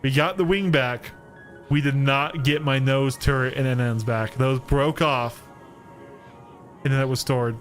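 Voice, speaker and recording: A throaty, thick-voiced American man chats through a game stream into a studio mic. His words slur a little and he restarts sentences often, poking fun at himself. Faint music plays underneath, and his pitch sits in a middle range. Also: steady tone, unhurried. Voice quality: throaty, thick, slightly slurred. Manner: rambling, self-deprecating, frequent restarts. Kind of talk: casual chat while gaming. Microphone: studio microphone.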